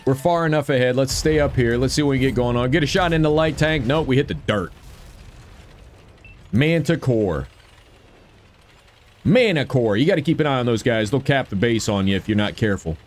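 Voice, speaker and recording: A man's voice: mid-range voice, moderate pace, long pauses. Upbeat man doing game commentary. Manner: upbeat, cheers on his own shots. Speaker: gaming video creator. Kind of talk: gameplay commentary.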